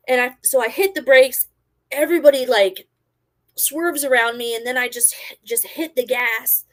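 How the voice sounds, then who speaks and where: A middle-aged woman and former army medic, casually telling a story and acting out her own quotes loudly. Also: high voice, moderate pace.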